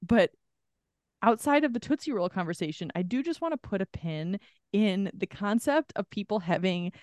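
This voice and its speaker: A woman co-hosting a casual podcast, spilling a story in an animated rush and peppering it with "like". She sits close to the mic in a dry, dead room, and her pitch sits mid-range. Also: normal speed, no echo. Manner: animated storyteller, heavy use of "like", acts out quotes. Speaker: podcast co-host. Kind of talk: casual chat.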